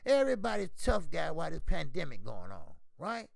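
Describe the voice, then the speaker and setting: A man hosting a boxing channel, talking casually in animated, profane trash-talk. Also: on the high side, a little fast, vocal fry, dry recording. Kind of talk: casual commentary.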